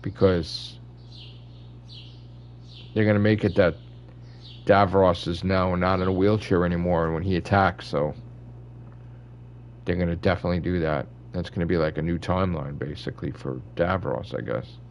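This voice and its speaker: A man's voice: deep voice, fairly even intonation, normal speed, pauses often, slight background noise. A man hosting his channel, ranting in casual fan commentary with blunt opinions and constant swearing. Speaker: channel host.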